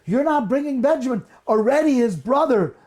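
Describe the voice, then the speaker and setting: A man's voice: very high-pitched, lively intonation, moderate pace, darkish tone, voice pushed up. A man playing old Jacob, firm and protective. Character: Jacob, protective old father refusing firmly.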